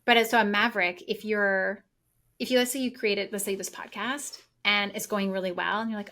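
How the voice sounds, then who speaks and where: A woman business coach talking excitedly and at length in a casual podcast conversation. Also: mid-range voice, a little fast.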